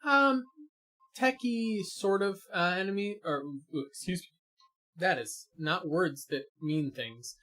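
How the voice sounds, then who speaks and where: A man's voice: high voice, slow pace, sharp tone. A man co-hosting a gaming stream in casual chat, explaining character builds with many fillers and restarts.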